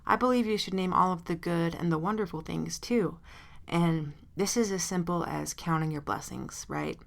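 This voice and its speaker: Gravelly, low-voiced woman podcast host. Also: normal speed. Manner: chatty, self-deprecating, many ums and side notes. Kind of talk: casual solo podcast monologue.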